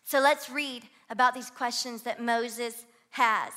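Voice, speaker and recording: A woman's voice: a little high, steady tone, slow, hardly any pauses, bright, forceful tone. A woman giving an emphatic, conversational sermon as a guest preacher at a live church gathering.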